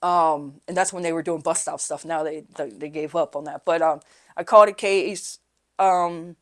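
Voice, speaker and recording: Her voice low and fairly even, at a normal speed, a woman guesting on a podcast wanders candidly through her life story. She curses offhandedly, peppers in "right?" and "you know," and often goes quiet when recalling painful times.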